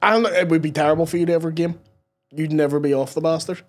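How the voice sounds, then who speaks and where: A man's voice: on the high side, fairly even intonation, quick pace. A man with a Northern Irish accent trading teasing, swear-laden banter in a casual podcast chat.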